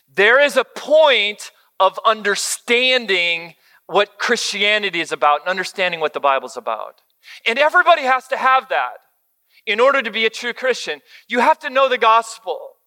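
A man's voice: high voice, bright, forceful tone. A middle-aged male pastor giving a conversational sermon, chatty, with frequent fillers and direct questions to the audience.

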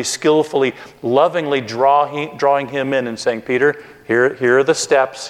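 A man preaching a sermon, earnest and expressive, slowing down and speeding up for emphasis. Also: mid-range voice. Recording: long reverb of a hall.

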